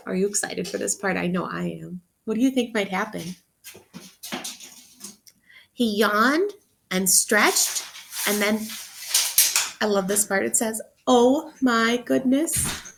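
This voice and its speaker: A woman teacher reading a picture book aloud to children, expressively, pausing to ask them questions. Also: mid-range voice, creaky, fairly bright tone, slight background noise. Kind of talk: interactive read-aloud for children.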